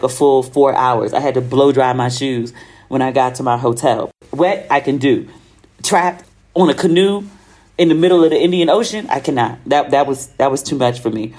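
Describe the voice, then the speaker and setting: An American woman hosting a podcast, telling travel stories in a chatty, animated way and acting out the voices of people she quotes. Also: rumbling low. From United States. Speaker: podcast host. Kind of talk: casual monologue.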